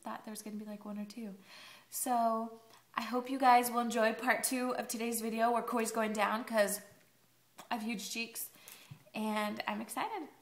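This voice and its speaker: A woman's voice: on the high side, flat delivery, moderate pace, echoey room. A young woman in college, chatting in a rambling video diary with sarcastic asides. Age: young adult. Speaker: college student vlogger.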